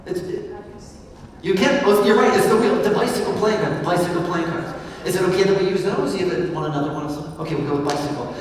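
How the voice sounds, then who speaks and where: A man giving a lively keynote as a business magician, chatting and joking with the audience in an energetic, playful way. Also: sits high, fast. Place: large event hall. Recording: echoey hall from far off.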